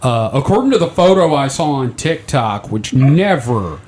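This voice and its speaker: A man's voice: medium pitch, big pitch swings, normal speed, a little mellow, slight background noise. A man co-hosting a podcast in casual chat, sounding incredulous and blurting out questions. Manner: incredulous, keeps blurting "what". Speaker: podcast co-host.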